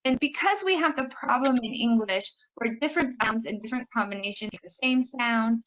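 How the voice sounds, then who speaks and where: Upbeat young woman workshop presenter, a bit high-voiced, exaggerates sounds for teaching. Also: brisk, a bit bright, highs cut off.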